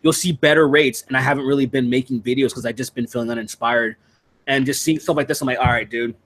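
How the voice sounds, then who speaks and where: A man hosting a casual video-call chat, rambling with lots of fillers and restarts, crude and quick to laugh. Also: medium pitch, steady tone, fairly bright tone. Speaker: streamer hosting a patron hangout.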